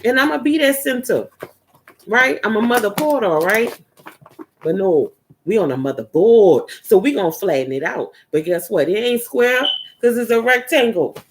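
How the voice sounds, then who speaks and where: A woman's voice: medium pitch, big pitch swings, normal speed, slight background noise. A woman giving a casual spiritual energy reading, talking in a loose, rambling way that drifts into murmurs. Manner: loose, rambling and repetitive, drifting into murmurs while searching a book. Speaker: spiritual reader.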